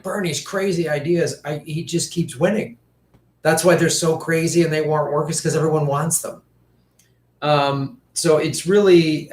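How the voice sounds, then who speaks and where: A man ranting through casual political commentary, profane and mocking, slipping into quick impressions of politicians. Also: a little high, roomy sound.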